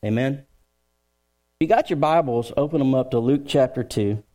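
A man's voice: mid-range voice, moderate pace. A man preaching a sermon in church as pastor, joking with the crowd and telling family stories before turning to scripture. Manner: joking, storytelling, lively crowd work.

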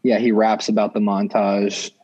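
A man's voice: lowish voice, little pitch movement, moderate pace, darkish tone, husky, muffled recording. A young man telling a personal story in casual talk, rambling with many fillers and restarts. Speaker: guest storyteller.

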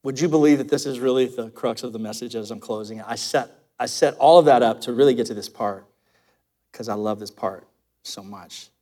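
A man's voice: medium pitch, fairly quick, mellow. A male pastor preaching a live church sermon with passionate emphasis, calling on the congregation to repeat after him. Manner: passionate, emphatic preaching with audience call-and-response.

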